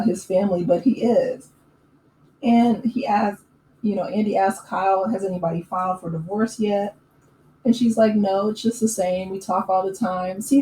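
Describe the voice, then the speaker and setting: Woman, casual recap host, chatty and opinionated, medium pitch, echoey room, faint background hum. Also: a little mellow. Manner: chatty, opinionated, frequent fillers and laughs.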